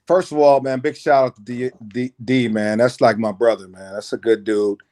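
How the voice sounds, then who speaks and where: A man, a music producer, telling studio stories in a relaxed, animated way, dropping "man" into nearly every line. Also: mid-range voice, moderate pace. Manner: laid-back, says "man" constantly, animated retelling. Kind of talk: casual storytelling interview.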